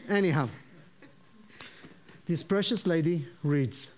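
A man from Israel, preaching his testimony in an animated way and acting out the voices in his story. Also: high-pitched, normal speed. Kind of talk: sermon testimony.

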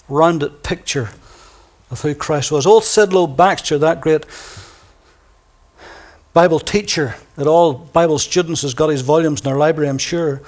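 A man with a fairly high voice preaches a sermon in a church. He is emphatic and drags out the words he wants to land, and he drops soft and quiet when he reads scripture aloud. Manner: emphatic, slows down to stress key words.

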